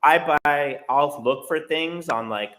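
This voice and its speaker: A man's voice: a little high, takes it slowly, fairly bright tone. A man hosting a casual livestream chat, laughing often, swearing casually and restarting his sentences. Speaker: podcast host.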